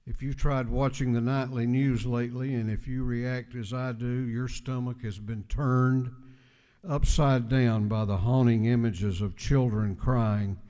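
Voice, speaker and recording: A man giving a measured, deliberate floor speech as speaker of a legislative house. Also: medium pitch, steady tone, mellow. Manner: measured, deliberate oratory with emphatic repetition. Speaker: house speaker presenting a resolution. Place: large legislative chamber. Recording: long hall reverb in a chamber.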